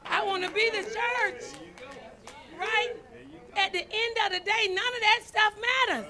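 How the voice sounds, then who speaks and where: At a measured pace, a first lady preacher with a very high, bright, ringing voice tells folksy stories in her sermon. She repeatedly calls to her congregation for response, using "y'all" and "right?"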